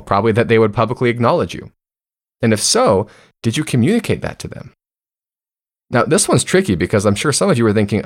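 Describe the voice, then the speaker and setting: A man with a lowish voice talks through a self-help podcast episode. His delivery stays conversational, and he often turns to the listener with questions. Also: creaky. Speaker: podcast host.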